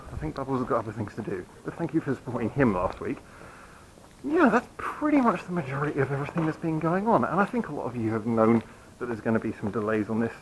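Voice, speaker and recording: A man's voice: medium pitch, fairly bright tone, a little hiss or hum, poor audio. Rambling man vlogging on a night walk. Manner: rambling, apologetic, self-mocking. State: hiccuping. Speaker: channel host. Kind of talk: casual walking vlog update. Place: quiet city street at night, outdoors. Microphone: handheld camera while walking.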